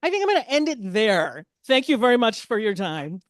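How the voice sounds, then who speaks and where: A woman's voice: a little high, sing-song, fairly quick, no echo, studio quality. A woman performing a stand-up comedy set, chatty and self-deprecating, with asides to the audience.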